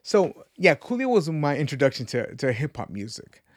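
A man's voice: on the high side, very animated, moderate pace, dry recording. A man in his thirties hosting a podcast, talking in an earnest, rambling way about faith and life, repeating words as he searches for them. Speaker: podcast host. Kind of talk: casual reflective faith talk.

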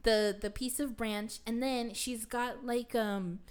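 A woman's voice: a little high, steady tone, slow pace, clean tone. A young adult woman casually retelling a film to a friend, rambling with constant fillers and casual swearing. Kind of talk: casual chat.

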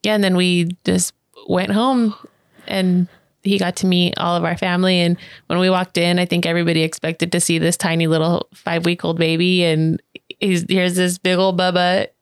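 Woman with a lowish voice, easygoing, telling a story, dry close mic. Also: flat delivery, normal speed, smooth, no echo. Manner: easygoing, adds details to partner's story. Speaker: guest, adoptive parent. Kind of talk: casual storytelling.

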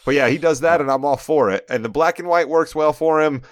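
A man co-hosting a casual podcast about wrestling over a remote call. He talks in an animated, joking way and wanders off into long asides. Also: on the high side, a little fast, no echo. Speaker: podcast co-host.

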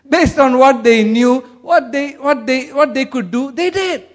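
A man's voice: extremely high pitch, measured pace. A man from Kerala, India, preaching a sermon and asking the congregation questions. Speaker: pastor.

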